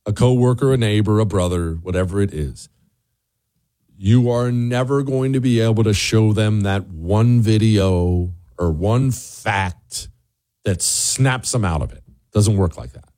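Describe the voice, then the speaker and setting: A man hosting a talk radio show, delivering an opinionated monologue in a sarcastic way, with his voice leaping up high when he mocks something. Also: animated, measured pace, a little mellow. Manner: sarcastic, with big swooping pitch jumps for mockery.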